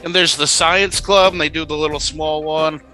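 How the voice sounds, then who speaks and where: A man's voice: a little high, fairly even intonation, normal speed, pushed and bright, soft background music, poor audio. A man co-hosting a casual podcast over a video call, joking and swearing freely. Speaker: podcast co-host.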